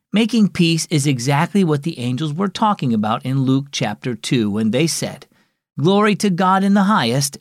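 A man hosting and narrating a children's devotional story program in an expressive storytelling manner. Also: on the high side, dry recording, studio quality. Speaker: host and narrator.

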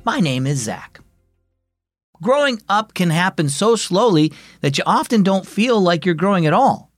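A man narrating a children's story with a lively, up-and-down voice. The sound is dry and close, with faint music underneath. His delivery is friendly and expressive, made for young listeners. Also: high voice, a little slow, no echo. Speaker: host of a children's devotional radio show.

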